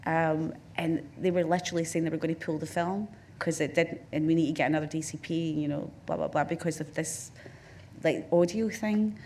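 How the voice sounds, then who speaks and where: A woman's voice: low-pitched, steady tone, brisk, dark tone, slight background noise. A woman with a Glaswegian accent, a film director and interview guest, tells anecdotes on stage in a rambling way, full of restarts and "you know"s. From Scotland. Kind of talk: on-stage career conversation, anecdotal. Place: festival talk stage with audience.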